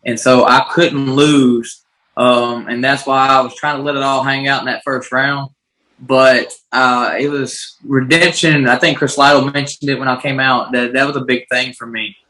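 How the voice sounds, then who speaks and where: A man's voice: medium pitch, little pitch movement, moderate pace, pushed and bright, rough recording. A man, a bare-knuckle fighter, answering interview questions in a laid-back, rambling way with lots of fillers.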